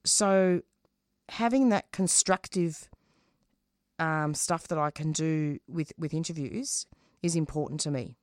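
A middle-aged woman talks as an interview guest with a low voice and a lot of feeling. She stops and restarts her sentences as she speaks. Her voice sounds dry and close, with no room sound. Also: no room sound. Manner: passionate, halting, with frequent restarts. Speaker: radio show host as interview guest. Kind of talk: conversational interview.

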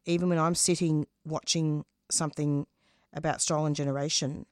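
A middle-aged woman talks as an interview guest with a low voice and a lot of feeling. She stops and restarts her sentences as she speaks. Her voice sounds dry and close, with no room sound. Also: flat delivery, a little mellow, no room sound. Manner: passionate, halting, with frequent restarts. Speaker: radio show host as interview guest. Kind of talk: conversational interview.

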